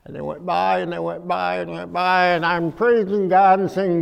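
A man preaching a humorous storytelling sermon, animated, acting out voices and swinging from quiet to loud. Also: sits high, moderate pace, gravelly, hardly any pauses, clear, resonant tone. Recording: echoey hall.

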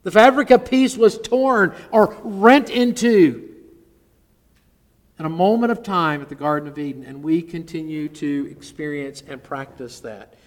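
A man's voice: a little high, measured pace, long reverb tail. A male pastor preaching a sermon. He is emphatic and drops to near-whispers on key words.

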